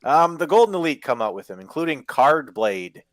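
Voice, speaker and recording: A man's voice: on the high side, moderate pace, dry recording. Man recapping wrestling, dry close sound. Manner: profane, excitable play-by-play recap. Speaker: podcast co-host recapping wrestling. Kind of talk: casual chat.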